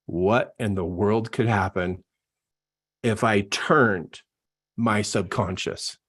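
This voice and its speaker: A man's voice: fairly low pitch, slow, a bit bright, husky. A middle-aged man, a coach, giving an earnest, emotional personal testimony in a live online talk and laughing at himself.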